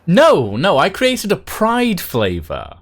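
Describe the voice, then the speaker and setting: Lively-voiced man rambling on stream. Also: high voice, slow. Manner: rambling with many fillers and restarts. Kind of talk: casual chat on a live stream.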